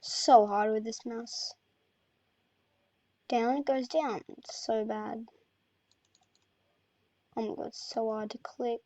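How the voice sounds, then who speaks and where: A woman's voice: fairly high pitch, fairly even intonation, slow pace, pauses often, warm tone, no room sound. A woman from Australia, muttering frustrated commentary to herself while playing a game. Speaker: gamer. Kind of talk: casual gameplay commentary.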